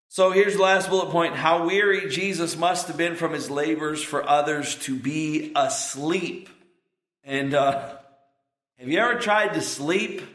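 A man preaching a sermon, slow and earnest, climbing to emphatic peaks on key points. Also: on the high side, fairly bright tone. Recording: roomy echo.

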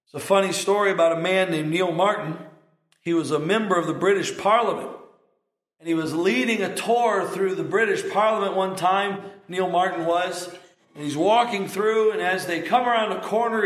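A middle-aged man preaching a sermon, emphatic, leaning hard on stressed words between measured pauses. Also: sits high, fairly bright tone, reverberant. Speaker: pastor.

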